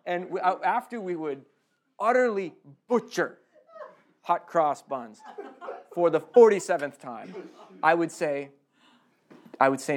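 A man's voice: fairly high pitch, animated, a little slow, long pauses. A man preaching a conversational sermon, chatty and self-deprecating, with humorous asides.

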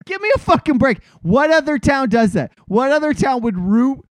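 A man's voice: extremely high pitch, expressive, moderate pace, dry recording. Profane ranting man on a podcast. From Boston area. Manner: profane, ranting, laughs through his words. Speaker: podcast co-host. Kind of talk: casual sports chat.

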